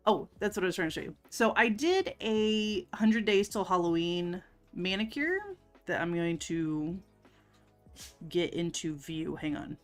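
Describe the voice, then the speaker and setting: A woman hosting a casual livestream, chatty and giggly, greeting her chat by name. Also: medium pitch. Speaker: livestream host. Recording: faint music underneath.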